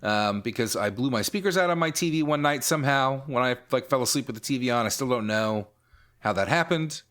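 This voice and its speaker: A man's voice: mid-range voice, lively intonation, fairly quick, fairly bright tone. A man hosting a podcast in casual chat, talking in an easygoing, rambling, self-mocking way. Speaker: podcast host.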